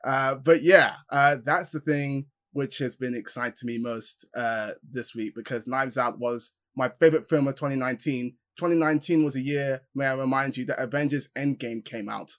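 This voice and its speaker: A man co-hosting a film podcast, talking as an eager, animated fan who is excited about upcoming films. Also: mid-range voice, moderate pace, hardly any pauses. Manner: enthusiastic, animated fan gushing. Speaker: podcast co-host. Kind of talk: casual film podcast chat.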